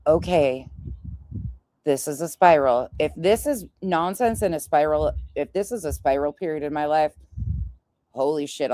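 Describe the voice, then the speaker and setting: A woman rants straight into the mic, her voice sitting low for a woman and sounding dry and close with no room echo. She is sarcastic and mocking and swears freely, taunting someone she is feuding with. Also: darkish tone. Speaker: online commentator. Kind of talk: ranting commentary vlog.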